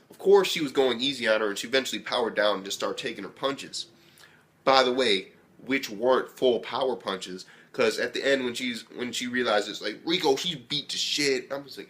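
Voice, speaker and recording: Young guy ranting about an anime ep, swears a ton, super hyped, says like every other word, normal pitched voice. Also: moderate pace. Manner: excitable, profane, rambling with lots of fillers. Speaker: anime reviewer. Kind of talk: casual video review.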